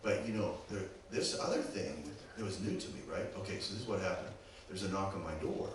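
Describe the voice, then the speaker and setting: Speaking fairly quickly in a low-pitched voice, a guest preacher from Pittsburgh, USA, with the local accent animatedly tells a sermon story, often checking in with his listeners. The recording, made in a church sanctuary, is very echoey, with a distant mic and background noise.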